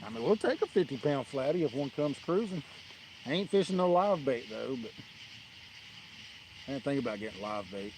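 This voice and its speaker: A laid-back man chats on a live fishing stream, laughing easily between funny stories. He talks into a camera on a tripod outdoors at night by the water. Steady outdoor night noise sits clearly behind his mid-pitched voice. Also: moderate pace, pauses often, rough recording. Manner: easygoing, laughs often, tells funny stories. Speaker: fishing livestream host. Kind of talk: casual live-stream chat.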